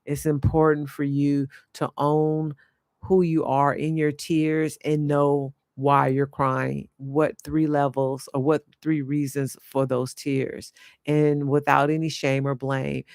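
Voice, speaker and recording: A woman life coach speaks earnestly and slowly, halting and restarting as she searches for her words. Her voice carries a gravelly edge, and the sound is dry and close. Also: sits low, darkish tone, no room sound. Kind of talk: reflective spiritual monologue.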